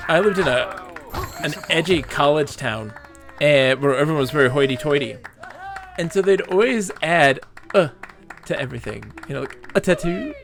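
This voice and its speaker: Playful man streamer, lively pitch. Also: normal speed. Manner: playful, rambling, jokey, laughs often. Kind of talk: live gameplay commentary. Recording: game music underneath. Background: game music.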